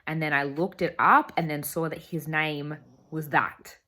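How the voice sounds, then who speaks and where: A woman's voice: sits low, steady tone, measured pace, bright, forceful tone. A young woman telling a personal story in earnest, emphatic vlog voice-over. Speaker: travel vlogger.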